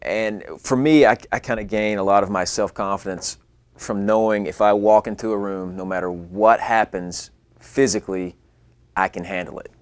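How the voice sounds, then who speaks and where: A young man with a lowish voice tells a story about himself and lets it get animated, jumping up in pitch when he quotes his own panicked lines. The sound is dry and close to the mic. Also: normal speed, no echo. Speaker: actor. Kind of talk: casual storytelling. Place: California.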